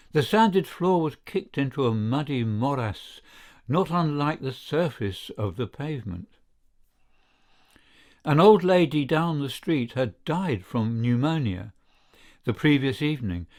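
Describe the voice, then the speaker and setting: A man narrates a classic story at an unhurried pace. His pitch moves a lot, giving the telling plenty of lift and color. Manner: slow, lively storytelling delivery. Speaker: audiobook reader. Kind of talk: scripted narration of a short story.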